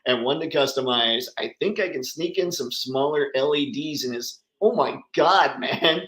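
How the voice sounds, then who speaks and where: A man's voice: mid-range voice, normal speed, fairly bright tone. Chatty man in an echoey room. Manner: chatty, enthusiastic, answers viewers by name. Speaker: livestream host. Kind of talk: casual livestream chat.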